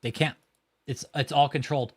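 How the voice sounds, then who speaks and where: A man's voice: medium pitch, fairly even intonation, normal speed, background noise. A man livestreaming outdoors by a road, talking casually in a blunt, profane, mocking way.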